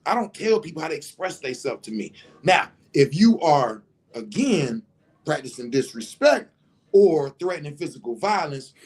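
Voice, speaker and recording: A man talking in a casual livestream monologue, animated and emphatic, swearing freely. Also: on the high side, normal speed, husky. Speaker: vlogger.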